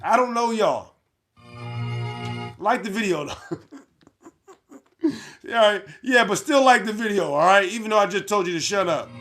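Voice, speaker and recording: A man's voice: sits high, expressive, unhurried, long pauses, a bit bright, faint music behind. A man hosting a livestream, reading chat comments aloud in a brash, mocking way and laughing at his own jokes. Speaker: livestream host.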